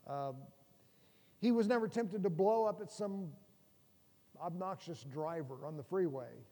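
A middle-aged man gives a sermon in a high, light voice that rings out through a large hall with a long reverb. He preaches in a relaxed, conversational way, mixing in humor and asking the congregation questions. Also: unhurried. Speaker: pastor.

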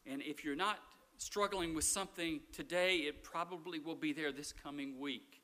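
A middle-aged man preaches in a relaxed, conversational way, his voice bright and a touch high. He swings between ringing emphasis and hushed, nearly whispered lines. Now and then he drops in wry, self-deprecating asides. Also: moderate pace. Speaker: guest pastor. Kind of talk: sermon.

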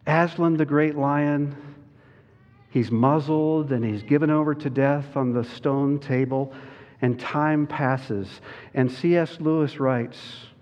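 Male pastor, slow earnest sermon, storybook reading, long echo of a large hall. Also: a little high, fairly even intonation, darkish tone. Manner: slow, earnest, addresses children directly. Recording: dull sound in a large reverberant hall.

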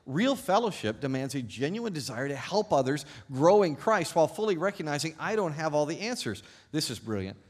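A man preaching a sermon as pastor, emphatic and animated, asking rhetorical questions and reading scripture aloud with slow emphasis. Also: on the high side.

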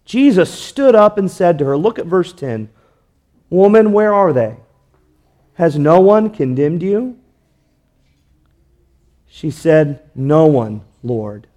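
A male pastor delivering a sermon in a high voice. He takes his time, stretching out key words and pressing the congregation with rhetorical questions. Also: very animated, slow, long pauses, mellow.

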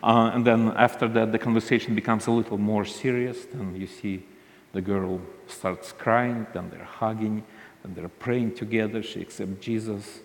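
A man tells a ministry story, halting often and restarting his sentences. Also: fairly low pitch, steady tone, vocal fry, in a large hall. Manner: halting, frequent restarts and fillers. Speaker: ministry leader. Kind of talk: storytelling talk.

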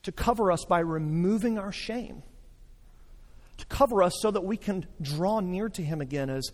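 A pastor preaching a sermon, animated and acting out the voices he quotes. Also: sits high, normal speed. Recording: reverberant hall.

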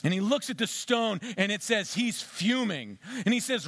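A male preacher delivering a sermon as dramatic storytelling, swinging from hushed whispers to shouting and asking listeners direct questions. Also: sits high, animated, normal speed, few pauses, dry recording.

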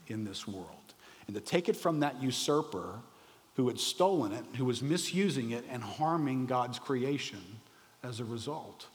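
A man preaching a sermon in an animated, conversational way, often asking the audience rhetorical questions. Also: mid-range voice, in a large hall. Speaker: pastor.

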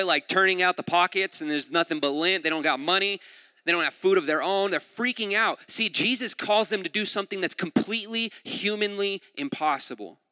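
Bright-voiced casual preacher in a hall. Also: male voice, a little high, clean studio sound. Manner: casual, uses "like" often, repeats words. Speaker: pastor. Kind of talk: conversational sermon.

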